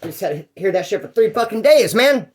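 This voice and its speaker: A man's voice: high voice, animated, quick pace, breathy edge. A man telling his own jail stories in a casual, rambling, slang-heavy way. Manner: rambling and slangy, with fillers and restarts. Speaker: storyteller. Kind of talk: casual first-person jail story.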